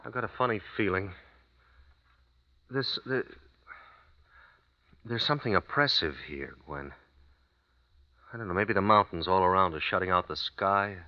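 Uneasy American writer, low voice with lively swings, old radio. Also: male voice. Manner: halting, uneasy, stammering. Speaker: lead character. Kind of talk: 1950s radio drama acting. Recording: muffled 1950s radio broadcast.

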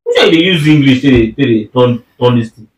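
A young Nigerian man argues with his wife at home and keeps demanding a plain explanation, mostly in Pidgin. His pitch sits in the middle. He sounds distant, in an echoey room. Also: lively intonation, fairly quick. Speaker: husband. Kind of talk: casual argument between spouses. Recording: roomy and distant.

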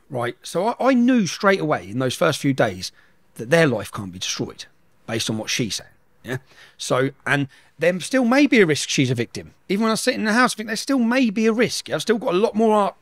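A man's voice: on the high side, dry recording. A middle-aged man, telling a story at speed in an interview and acting out the dialogue. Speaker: guest.

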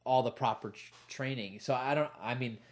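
Animated, profane male podcast co-host. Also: mid-range voice, a little fast. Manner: animated storytelling, swears freely. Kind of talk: casual sports podcast chat.

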